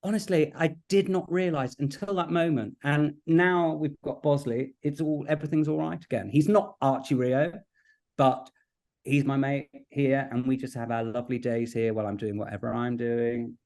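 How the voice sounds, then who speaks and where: A man chats as a podcast guest in an even, middle-pitched voice. He tells his stories with lively energy and breaks into laughter often. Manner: chatty, quick to laugh, animated storytelling. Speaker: guest broadcaster. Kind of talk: casual chat.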